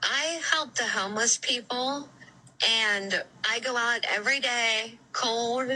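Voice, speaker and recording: A woman's voice: on the high side, slow, pushed and bright, exaggerated voice, rough recording. A woman putting on a made-up persona through a voice changer, rambling and pleading. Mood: earnest. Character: fake persona of a charity woman.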